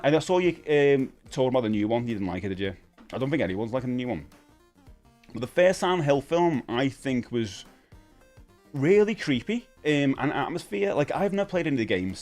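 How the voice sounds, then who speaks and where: A man from the UK, speaking in a medium-pitched, darkish voice, hosts a casual live stream. He reads viewer comments, laughs a lot, and chats loosely with frequent fillers and false starts.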